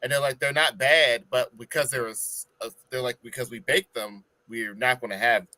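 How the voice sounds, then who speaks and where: A man's voice: mid-range voice, steady tone, normal speed, bright, forceful tone, a little hiss or hum, poor audio. A man from Maryland, a guest drag performer, chatting on a podcast and telling sassy stories with put-on voices. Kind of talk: casual podcast chat.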